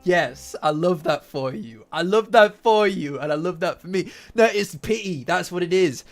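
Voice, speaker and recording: A man hosting a casual manga reaction, animated and profane, repeating lines for emphasis. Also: sits high, moderate pace. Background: faint lofi background music.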